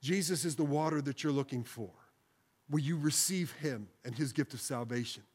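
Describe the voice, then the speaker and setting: A man's voice: on the high side, darkish tone, slightly rough. A man preaching as pastor in a church service, leading the congregation through spoken phrases and ending in an earnest, pleading prayer. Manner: slows to repeat phrases with congregation. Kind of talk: sermon closing with prayer. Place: church sanctuary, broadcast service.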